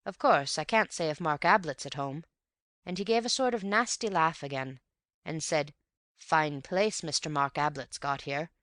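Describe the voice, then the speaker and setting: A woman's voice: deep voice, normal speed, fairly bright tone, no echo, studio quality. A woman voicing an older male lodge-keeper who speaks in plain rustic phrases and keeps saying "sir.". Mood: earnest, wary. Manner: rustic speech, deferential "sir".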